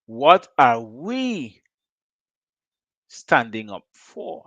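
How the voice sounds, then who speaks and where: A man's voice: mid-range voice, very animated, drawn-out words, a bit bright, no echo. A Guyanese man hosting a call-in show, firing off rhetorical questions in a fiery political monologue.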